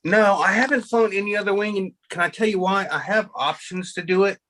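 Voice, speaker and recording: A man's voice: sits high, fairly quick, bright, forceful tone. A man hosting a casual video call chat, telling stories with many restarts and poking fun at himself. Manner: rambling storyteller with many restarts; self-mocking. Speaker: host.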